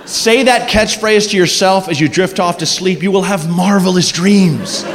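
A man performing a stand-up comedy set on a club stage, animated and crude, acting out voices. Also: high-pitched, normal speed. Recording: reverberant noisy club recording.

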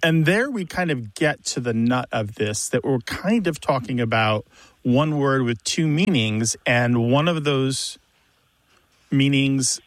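A man's voice: medium pitch, lively intonation, slow pace, no echo. A man co-hosting a radio call-in show, explaining word pronunciation with enthusiasm. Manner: explanatory, enthusiastic about words.

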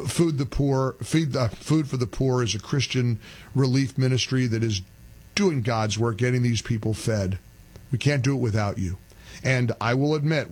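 An older man hosting a radio talk show, talking animatedly and rising to an emphatic pitch when he rants. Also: a little mellow.

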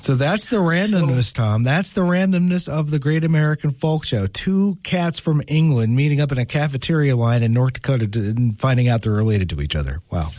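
A man's voice: medium pitch, animated, brisk, hardly any pauses, a little mellow, no echo. A man interviewing a guest on the radio, asking conversational questions and reacting lightly.

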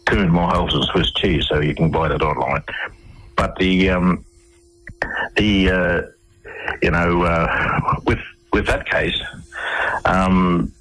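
An Australian man with a very low, husky voice tells his stories to a radio host. He rambles, stalls on fillers and starts his sentences over. The sound carries a radio broadcast quality. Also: steady tone, takes it slowly, long pauses, fairly bright tone, poor audio. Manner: rambling, with many fillers and restarts. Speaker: radio interview guest. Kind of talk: conversational storytelling.

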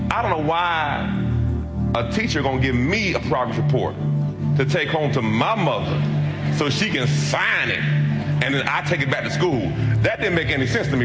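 A pastor preaching a sermon, telling stories with humorous asides and calling out to the congregation. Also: male voice, mid-range voice. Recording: echoey hall with loud music.

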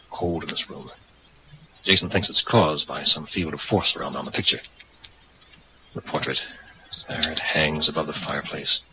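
A nervous young man, deep-voiced. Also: fairly even intonation, normal speed, creaky, pauses often, bright, forceful tone, a little hiss or hum, exaggerated voice, low-quality recording. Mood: musing. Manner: hesitant, uneasy, talks to himself. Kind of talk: radio drama acting.

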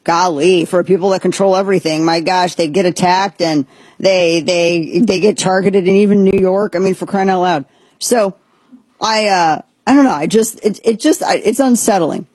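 A woman's voice: on the low side, normal speed, a little mellow, breathy edge, no room sound. A woman hosting a political talk show, giving rambling, sarcastic and exasperated commentary.

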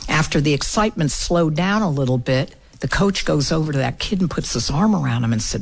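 A woman's voice: low-pitched, lively intonation, fairly quick, vocal fry, hardly any pauses, husky. A woman speaker from the United States, telling an earnest story on a public affairs talk program and acting out the quoted dialogue. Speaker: guest speaker.

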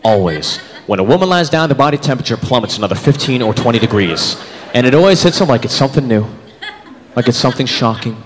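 A man's voice: medium pitch, fast talker. A man in his thirties performing a stand-up comedy routine, acting out characters as he goes. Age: 30s. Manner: animated, acts out characters in put-on voices. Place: comedy club stage. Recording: live hall with crowd noise. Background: audience laughter.

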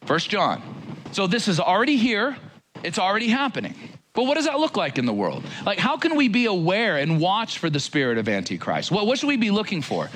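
A male preacher delivering a sermon with a lively, rising and falling delivery. His voice sits a touch high for a man. He keeps it conversational and speaks directly to the people listening. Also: normal speed, slight background noise. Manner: animated, conversational, direct address.

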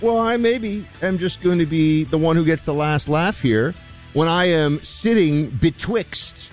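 Animated, wry talk-radio host. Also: male voice, fairly high pitch, unhurried, faint music behind. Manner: wry, defensive, animated storytelling. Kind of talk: casual talk radio banter.

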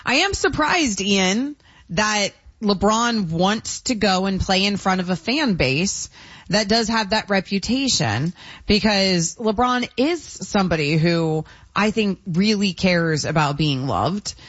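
A woman's voice: mid-range voice, lively intonation, takes it slowly, a bit bright, breathy edge, no room sound. A woman hosting a sports talk radio show, chatty and opinionated, laughing often, heard on a muffled broadcast.

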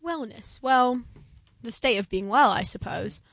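A woman co-hosting an improvised comedy call-in show, telling absurd stories in a deadpan, matter-of-fact way. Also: fairly high pitch, a little slow, vocal fry, no echo. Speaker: co-host.

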